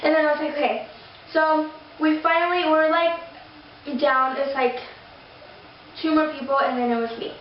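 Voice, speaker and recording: A woman's voice: high-pitched, steady tone, moderate pace, pauses often. A young woman vlogger rambling through a story, gushing and full of fillers and restarts. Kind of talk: casual storytelling to camera. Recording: very echoey, distant, dull lo-fi sound with faint noise.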